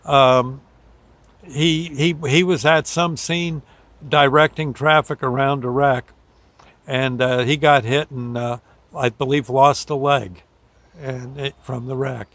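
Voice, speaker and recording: A man's voice: medium pitch, steady tone, takes it slowly, fairly bright tone, no room sound. An older man, a show host, telling a rambling folksy story, often laughing and briefly acting out the people he quotes. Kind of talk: casual storytelling.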